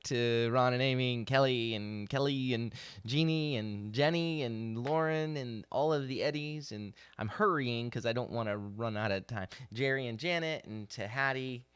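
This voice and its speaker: A man, a rabbi, giving a livestreamed daily Bible teaching, halting with fillers and then pressing hard on the scripture. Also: mid-range voice, clear, resonant tone, no room sound. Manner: halting with many fillers, rising to forceful emphasis on scripture. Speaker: rabbi leading a daily devotional.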